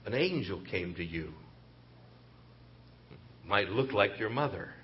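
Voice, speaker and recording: A man preaching a sermon as pastor in a church, impassioned, rising to loud emphatic peaks and dropping soft, repeating phrases and quoting voices dramatically. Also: on the low side, animated, takes it slowly, dull audio, a little hiss or hum.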